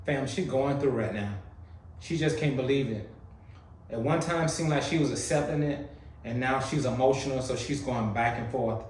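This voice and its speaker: A man's voice: mid-range voice, normal speed, a little mellow, echoey room, recorded from a distance, a little hiss or hum, rough recording. A man hosting a reaction video, commenting casually on a clip and teasing while talking straight to his viewers. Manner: chatty, teasing, addresses viewers as fam.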